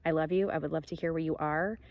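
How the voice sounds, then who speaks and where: A woman's voice: low voice, steady tone, fast talker, a little mellow. A woman hosting her own show, talking passionately in a spiritual monologue, venting with laughs now and then. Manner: passionate, ranting, frequent laughs. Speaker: podcast host.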